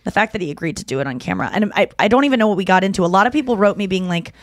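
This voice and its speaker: A woman's voice: mid-range voice, racing. A woman in her thirties hosts a casual podcast chat. She tells stories with energy and acts out the lines of the people in them. Her voice sits close to the mic in a dry room with no echo. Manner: animated storytelling, acting out quotes. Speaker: podcast host.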